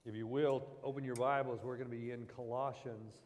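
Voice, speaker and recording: A pastor preaches in a loose, conversational manner, rambling through stories with restarts and asides. His medium-pitched voice is level, brisk, and a little mellow, heard through a long hall reverb.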